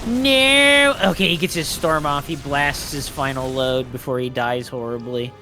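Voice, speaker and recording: Excitable male esports caster. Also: medium pitch, moderate pace, soft background music. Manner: excitable, yells at big plays. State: coughing. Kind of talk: excited game commentary.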